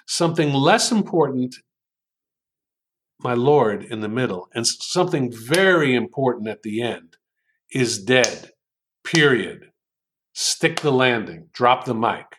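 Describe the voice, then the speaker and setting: Brief: man from New York, guest in an interview, unhurried speaker who muses aloud with frequent fillers, mid-pitched voice. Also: lively intonation, fairly bright tone, a little hiss or hum. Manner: unhurried storytelling with many ums. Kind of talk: interview conversation.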